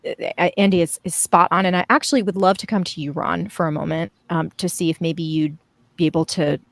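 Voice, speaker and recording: A woman hosting a panel over a video call, attentive and asking quick follow-up questions. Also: on the low side, fairly even intonation, dry recording. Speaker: panel host. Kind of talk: moderating a panel.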